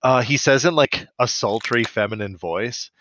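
A man in his thirties joking around in casual podcast chat, animated and full of fillers. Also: medium pitch, moderate pace, slight background noise. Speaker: podcast co-host.

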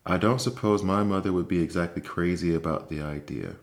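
A man voicing a small, eager male mouse in a bedtime storybook reading, talking gently. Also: deep voice, fairly quick. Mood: cautious.

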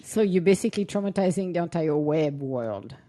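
Woman co-host, casual, giggly, lively lower voice. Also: brisk. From southern Minnesota. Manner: giggly, laughs often. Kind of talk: casual chat.

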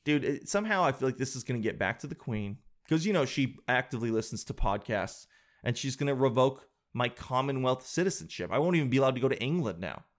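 Joking Canadian podcast host. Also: male voice, mid-range voice, fast. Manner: animated, joking, slangy. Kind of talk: casual podcast chat.

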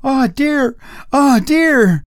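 A man reading aloud, voicing an elderly female housekeeper in a high, wailing voice. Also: animated, drawn-out words, dry recording, clean studio sound, exaggerated voice. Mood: terrified.

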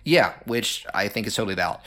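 A man's voice: on the low side, lively intonation, fast talker, sharp tone. Chatty man discussing films. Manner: chatty, many fillers and restarts. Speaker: podcast co-host. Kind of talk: casual film discussion.

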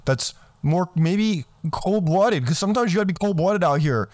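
A man's voice: high voice, no echo. A man from the United States giving a blunt, scornful motivational rant as a vlogger, often saying "my friends".

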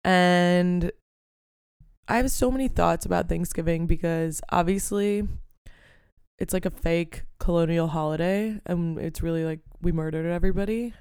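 A young woman hosts her own podcast, talking in a loose, rambling rant full of swearing and fillers. Her voice is smooth and resonant, with a gravelly fry underneath. It is recorded dry and close, with no room sound. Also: on the low side, moderate pace, darkish tone, dry recording. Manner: ranting, profane, rambling with many fillers. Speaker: podcast host. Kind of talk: casual solo podcast chat.

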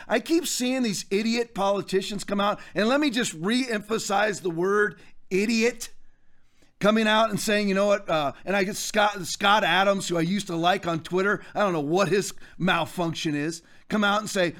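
A man's voice: high-pitched, moderate pace, a bit bright. A man in his fifties hosting a political commentary show, ranting emphatically and addressing listeners directly. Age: 50s. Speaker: show host.

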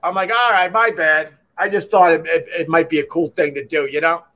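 A man tells stories in a loose, rambling podcast chat, his voice sitting a little high for a man. He keeps stopping and restarting, then launches into quick imitations of the people in his stories. He sounds like a seasoned radio host who is comfortable just talking. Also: dry recording. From Long Island, New York. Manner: rambling, animated, acts out voices in quotes. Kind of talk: casual storytelling podcast.

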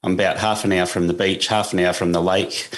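Deep-voiced, easygoing Australian man. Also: fairly quick. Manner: relaxed, easygoing, laid-back. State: slight tickle in the throat. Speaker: guest, lawn care business owner. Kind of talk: casual interview chat. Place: at home.

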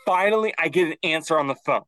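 A young man co-hosting a podcast, telling a casual story and acting out quotes with rising pitch. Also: fast talker, over a noisy crowd. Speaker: podcast co-host. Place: closet at home.

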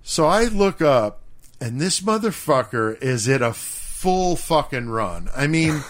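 Profane, animated middle-aged man telling stories. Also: fairly high pitch, takes it slowly. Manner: animated, profane, laughing storyteller. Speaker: podcast co-host. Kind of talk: casual storytelling chat.

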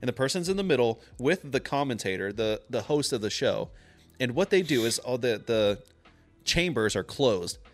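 A man co-hosting a casual podcast, telling crude stories with lots of swearing and quick mimicked voices. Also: mid-range voice, faint music behind. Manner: animated storyteller, mimics voices mid-story. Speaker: podcast co-host.

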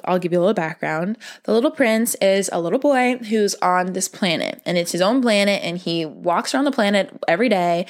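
A young adult woman hosting a podcast, talking in a gentle, earnest, casual way, full of "like" and calling her listeners "baby". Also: mid-range voice. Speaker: podcast host. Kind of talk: casual heartfelt monologue.

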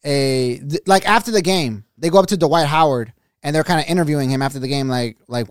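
A man's voice: a little high, brisk, smooth, dry recording, clean studio sound. A young man co-hosting a podcast, telling rambling stories in casual chat. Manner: rambling storyteller, animated retellings. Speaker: podcast co-host.

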